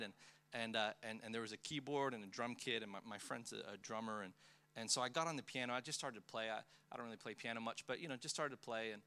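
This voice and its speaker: A man preaching a sermon, moving from quiet storytelling about his loss into impassioned preaching. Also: mid-range voice. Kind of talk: sermon testimony.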